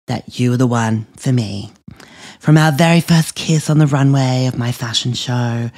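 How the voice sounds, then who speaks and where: A man performs a vain, self-absorbed young woman who gushes through a comic monologue. She pads every line with "like" and "um" in a middle-pitched voice, and she treats her own life as the grandest drama around. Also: gravelly, darkish tone. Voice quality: filler-heavy, constant "like" and "um". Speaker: comedy podcast character.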